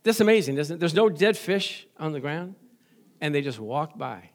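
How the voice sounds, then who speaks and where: A middle-aged man preaching with a fairly high voice. He keeps the sermon folksy and light, cracking jokes and calling out for amens from the pews. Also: expressive, normal speed. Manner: folksy, joking, asks the congregation for amens. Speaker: pastor.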